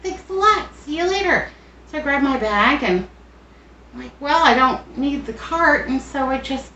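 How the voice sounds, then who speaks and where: A woman's voice: a little high, fairly bright tone, a little hiss or hum. Chatty woman in an echoey kitchen. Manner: chatty, rambling, self-deprecating. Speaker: home cooking vlogger. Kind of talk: casual storytelling while cooking. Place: home kitchen. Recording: roomy, dull sound from a distant mic.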